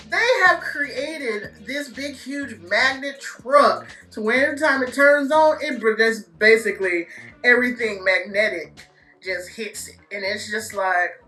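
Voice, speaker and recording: A woman giving a casual movie review, animated and laughing, swearing freely and acting out scenes. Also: mid-range voice, reverberant.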